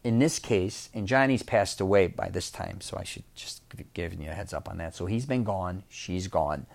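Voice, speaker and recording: Chicago-accented man, podcast host, casual storytelling, animated, repeats words, lowish voice. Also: moderate pace, creaky.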